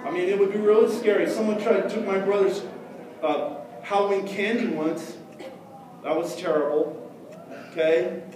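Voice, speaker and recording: A man's voice: high-pitched, fairly even intonation, normal speed, pauses often. A man telling a story live to a crowd of kids, chatty and asking them questions. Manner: chatty, asks the audience questions. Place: storytelling festival hall. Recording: echoey hall from far off, noisy.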